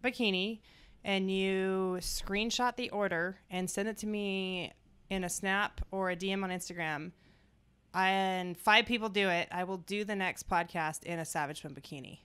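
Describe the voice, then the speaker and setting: A woman's voice: medium pitch, steady tone, normal speed, fairly bright tone, smooth. A young woman hosting a podcast in casual chat, brash and joking, swearing freely. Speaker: podcast host.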